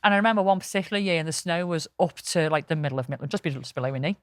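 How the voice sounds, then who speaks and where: This podcast co-host tells lively anecdotes in a casual show, swearing plenty as she goes. Her voice sits low and comes out rapid-fire, recorded clean in a studio with no room sound.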